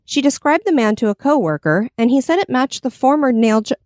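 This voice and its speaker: A woman's voice: high voice, expressive, fairly quick, a little mellow, no echo, clean studio sound. A woman co-hosting a podcast, reading history notes in casual chat, giggly and stumbling over words. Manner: giggly, often breaks into laughter. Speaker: podcast co-host. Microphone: studio podcast mic.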